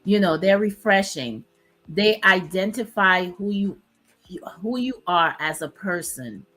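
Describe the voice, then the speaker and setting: A woman's voice: medium pitch, lively intonation, measured pace, a bit bright, faint music behind, poor audio. A woman in her fifties from Dominica, speaking, hosting a reflective casual chat in short, emphatic phrases. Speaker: host.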